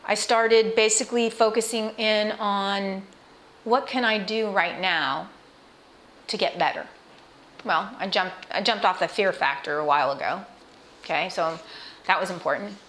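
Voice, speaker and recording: A woman's voice: medium pitch, a little slow, a bit bright, a little hiss or hum. A middle-aged woman speaking personally to camera about her illness in an earnest, emotional, conversational way, with restarts and asides to the viewer. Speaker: cancer patient sharing her experience. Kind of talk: personal vlog talk to camera.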